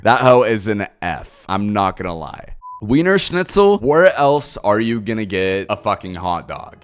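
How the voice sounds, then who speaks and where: A young man streaming from his computer, chatting casually and swinging from loud outbursts to low mutters as he ranks things. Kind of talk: casual live-stream rant. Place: home computer setup.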